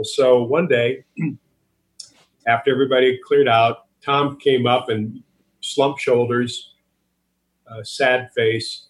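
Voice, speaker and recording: A man's voice: medium pitch, low-quality recording. A man, a guest author, earnestly telling a story and teaching in a podcast interview, with a preacher's cadence, often repeating words as he starts sentences.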